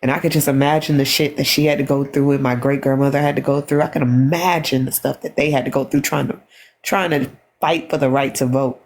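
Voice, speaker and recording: A tired woman talking on a phone livestream, halting and repeating herself as she speaks with emotion. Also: very deep voice, fairly even intonation, darkish tone. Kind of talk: emotional casual livestream talk.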